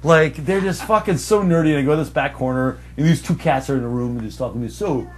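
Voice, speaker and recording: A man's voice: a little high, quick pace, slight background noise. A young adult man hosting a podcast, telling stories in a rambling, mocking way with plenty of swearing. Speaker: podcast host. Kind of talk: casual storytelling chat.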